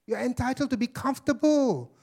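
A man's voice: animated, brisk, creaky, a little mellow, full character voice. A man preacher voicing a sinister male devil who taunts with persuasive questions. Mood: taunting. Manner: taunting rhetorical questions, raised pitch.

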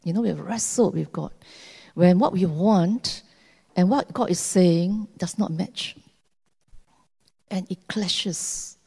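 A woman preaching a sermon, earnest and measured, with long pauses between phrases. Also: fairly low pitch, creaky, dark tone, husky. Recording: long hall reverb.

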